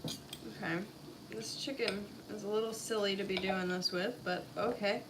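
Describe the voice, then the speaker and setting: A woman's voice: mid-range voice, steady tone, moderate pace. A woman co-hosting a food vlog, making wry, dry remarks while she eats. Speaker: mukbang co-host. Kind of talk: casual chat while eating. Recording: clear background noise, clinking dishes.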